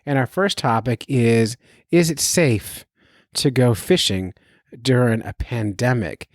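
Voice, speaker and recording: This podcast host, who also works as a fishing guide, speaks slowly in a medium-pitched voice. He's in his home basement giving a casual solo monologue, upbeat and joking and happy to poke fun at himself. The sound is dry and studio-grade.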